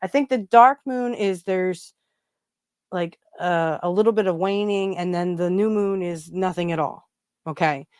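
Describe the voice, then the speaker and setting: A woman's voice: on the low side, unhurried, a little mellow, clean tone, no room sound, clean studio sound. A woman hosting a casual podcast about spiritual practice, rambling with many fillers and restarts. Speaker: podcast host.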